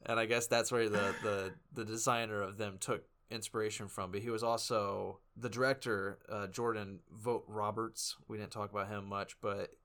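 Man, low voice, casual podcast chat, joking, relaxed, movie reviewer. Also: normal speed, hardly any pauses. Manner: relaxed, joking, laughs often.

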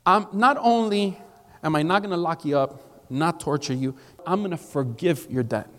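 A man's voice: a little high, normal speed, fairly bright tone, lightly acted. A grand, magnanimous king, as a man puts him on, declaring his pardon in a raised, lifted voice. The words ring out with a long reverb through a big hall. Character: powerful king, softened and forgiving.

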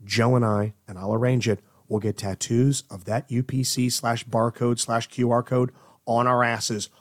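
A man co-hosting a podcast, bantering casually and breaking into loud laughter. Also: mid-range voice, level tone. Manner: loud bursts of laughter, quick plugs. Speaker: podcast co-host.

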